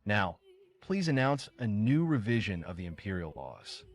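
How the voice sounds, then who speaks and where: A scheming priest, voiced by a man narrator, speaks in calm, coaxing tones. His voice sits low with a lively lilt. This is storybook recap narration. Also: normal speed. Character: smooth, scheming male priest.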